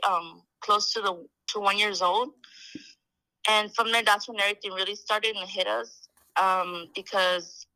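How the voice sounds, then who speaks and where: A woman's voice: mid-range voice, bright, forceful tone, no room sound, low-quality recording. A woman in her twenties, a podcast guest, telling her story in casual chat, full of "like" and "um" and acted-out quotes. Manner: chatty, heavy on "like" and "um", acts out quoted dialogue.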